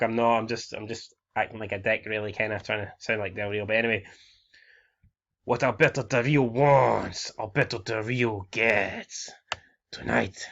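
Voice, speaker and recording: A young man from Scotland talks through his game in a loose, profane way, reading out scores and ratings as he goes. His pitch sits in an ordinary middle range. The recording sounds slightly muffled and lo-fi. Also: pushed and bright. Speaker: game commentator. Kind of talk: casual let's-play commentary.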